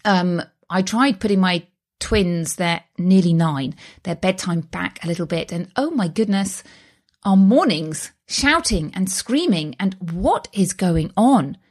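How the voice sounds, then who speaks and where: A woman's voice: on the low side, animated, unhurried. Woman in her thirties, host of a motivational talk, earnest and reassuring, conversational delivery.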